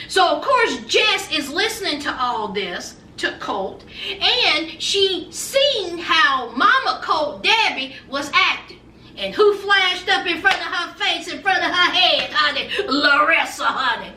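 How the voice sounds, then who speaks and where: A woman recaps reality TV in a sassy, animated chat, addressing her viewers directly. Her voice is high and very bright. She sits a little back from the mic in an echoey room with a faint hum of background noise. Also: slow pace, far from the mic. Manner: sassy, animated storytelling, calls the viewer "child" and "honey". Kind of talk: casual chatty recap.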